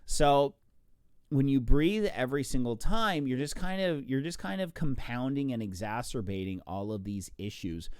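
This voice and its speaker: A man's voice: mid-range voice, clear, resonant tone, dry recording, studio quality. Chatty man explaining swim breathing. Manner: chatty, animated, counts out strokes. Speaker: swim coach. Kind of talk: casual instructional talk.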